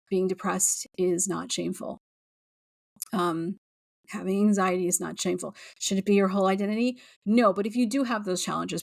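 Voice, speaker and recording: Gen x woman podcaster in her 40s, low gravelly voice, rambly and blunt, cusses a lot, kinda teary, dry close sound. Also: no room sound. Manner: candid, frank, swears freely; rambling, many fillers and restarts. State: emotional, near tears. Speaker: podcast host. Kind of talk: personal monologue.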